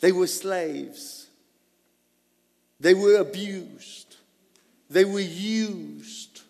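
A man preaching a sermon, swinging between loud emphasis and soft asides. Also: sits high, extremely slow, creaky. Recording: long hall reverb.

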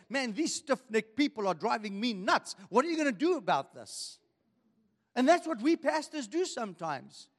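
High-voiced preaching pastor, reverberant hall. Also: male voice, fairly bright tone. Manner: preaching with rhetorical questions to the congregation. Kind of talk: sermon.

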